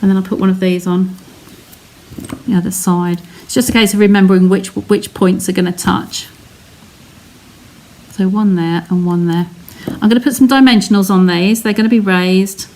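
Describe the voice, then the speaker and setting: A woman's voice: mid-range voice, fairly even intonation, moderate pace, a little mellow. Chatty English woman demonstrating crafts. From England. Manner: chatty, narrates each step while reading live comments. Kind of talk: live card-making demonstration.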